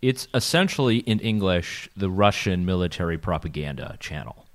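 Low-voiced man, chatty co-host. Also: animated, moderate pace. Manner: chatty, laughs often, many fillers and restarts. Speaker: podcast co-host. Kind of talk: casual conversation. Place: Vienna, Austria.

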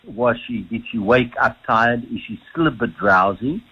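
South African man, husky voice, muffled lo-fi line, halting, repeats himself. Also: medium pitch, bright, forceful tone. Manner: hesitant, repeats words often. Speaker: sleep doctor guest. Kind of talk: radio phone-in interview.

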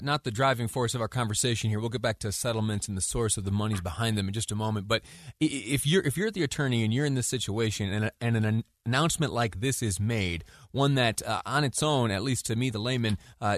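Halting talk radio host, man. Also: mid-range voice, dry recording, clean studio sound. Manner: halting, many restarts and fillers.

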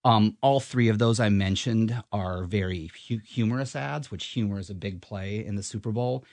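A man's voice: on the low side, moderate pace, darkish tone, no echo. A middle-aged man, talking casually as an advertising guest and rambling with lots of ums and restarts. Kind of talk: casual interview chat.

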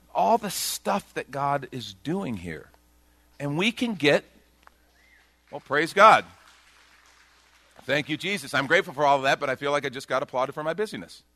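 A man preaching to his congregation with a bright, forceful voice, pitched a little high for a man. He moves between quiet, slow reflection and loud, quick bursts of self-mocking humor. The sound is close and dry. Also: no room sound. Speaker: pastor. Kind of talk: sermon.

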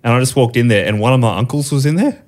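A man's voice: medium pitch, rapid-fire, a little mellow. A man co-hosting a casual podcast, chiming in with laughs and jokes. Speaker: podcast co-host.

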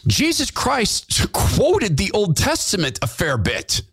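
A man's voice: high-pitched, wildly swooping pitch, slow pace, fairly bright tone, slightly rough. A man hosting a podcast, giving fervent, repetitive, preachy commentary into a studio mic. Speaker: podcast host. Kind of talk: impassioned political commentary.

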